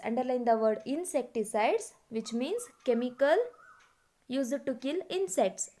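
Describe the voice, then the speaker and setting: A woman's voice: high-pitched, lively intonation, warm tone. A woman, teaching a class and explaining a poem word by word. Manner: slow, deliberate word-by-word explaining. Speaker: English teacher.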